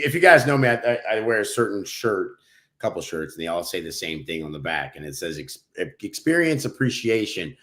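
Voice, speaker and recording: A man's voice: fairly low pitch, a bit bright. A man co-hosting a podcast, telling a personal anecdote in an earnest, chatty way. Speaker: podcast co-host. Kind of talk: casual storytelling on a podcast.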